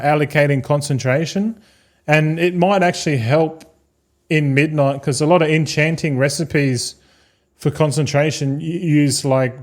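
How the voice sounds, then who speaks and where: An Australian man live-streaming a game, chatting casually and rambling, with frequent swearing and matey slang. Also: fairly high pitch.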